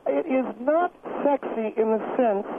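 A man's voice: very high-pitched, expressive, unhurried, gravelly, voice pushed up, full character voice. A man doing an indignant woman dance teacher. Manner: indignant, self-pitying, rambling. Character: defensive middle-aged woman dance teacher. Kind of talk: comedic phone-in role-play. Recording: tinny phone line with noise.

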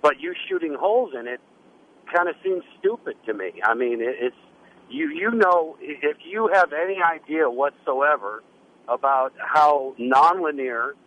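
A man's voice: on the high side, animated, measured pace. Guy on the radio, trips over words a lot, um and uh, kinda muffled lo-fi sound. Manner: hesitant, restarts, many fillers. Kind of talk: radio debate. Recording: dull lo-fi radio audio.

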